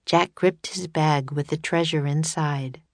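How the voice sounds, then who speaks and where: Calm, slow woman reading a storybook. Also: low voice, no echo. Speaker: narrator. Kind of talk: reading a children's chapter book aloud.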